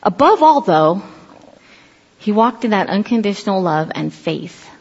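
Middle-aged woman, casual sermon, animated storytelling, breathy tone, muffled recording. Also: mid-range voice, measured pace. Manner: animated storytelling, acts out quoted voices. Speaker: preacher. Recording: dull lo-fi audio in a reverberant hall.

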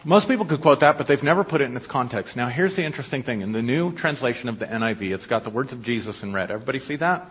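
A man's voice: mid-range voice, animated, very fast, hardly any pauses, fairly bright tone, slightly rough. A man preaching a sermon to his congregation, teaching in a conversational way and often asking them questions. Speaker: pastor. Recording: dull lo-fi audio with long hall reverb.

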